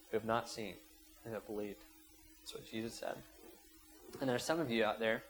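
Recorded in low quality, a mid-range male voice belongs to a pastor preaching to his church. As he narrates a scripture passage and guides the prayer, his impassioned delivery climbs to loud high points on the prayers and quotes.

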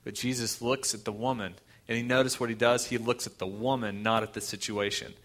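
A middle-aged male pastor preaching, his bright, forceful voice shifting between hushed storytelling and emphatic rhetorical questions. He retells scripture with plenty of feeling. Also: medium pitch, level tone, brisk. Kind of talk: sermon.

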